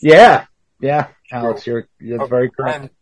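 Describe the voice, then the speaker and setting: A man's voice: mid-range voice, a little slow, crowd noise. A man co-hosting a podcast who talks bluntly and swears freely in casual chat. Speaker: podcast co-host.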